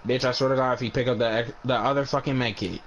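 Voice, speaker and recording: A man's voice: medium pitch, fairly even intonation, muffled recording, a little hiss or hum. A man playing a video game with friends, chatting casually, cursing and bickering with his teammates. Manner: bickering, cursing, quick to snap. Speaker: gamer friend. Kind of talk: casual gaming chat.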